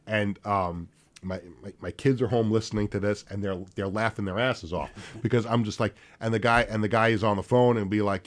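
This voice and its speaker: A man's voice: on the low side, a little fast. Rambling man hosting sports radio. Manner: rambling storyteller with fillers and laughs. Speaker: sports talk radio host. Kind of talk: casual radio talk. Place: radio studio.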